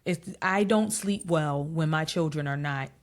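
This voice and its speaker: A woman in her thirties, a podcast guest telling family stories in a casual, animated way and laughing often. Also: low-pitched, measured pace. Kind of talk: casual interview chat.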